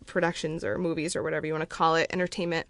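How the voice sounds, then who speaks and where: A woman's voice: low voice, little pitch movement, very fast. A woman musician guest talking casually in a studio, chatty and effusive with lots of fillers. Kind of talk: casual podcast chat.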